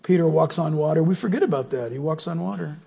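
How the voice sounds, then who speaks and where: A man preaching a sermon in a church, animated and emphatic, firing rhetorical questions at the congregation. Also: a little high, fast, creaky, breathy edge, in a large hall. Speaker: pastor.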